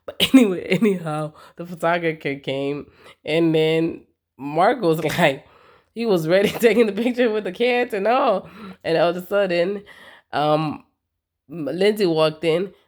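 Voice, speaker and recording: A woman's voice: on the low side, a little slow, a little mellow. A woman giving a casual, emphatic, slangy recap of a reality TV episode, talking straight to her viewers. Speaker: TV recap vlogger.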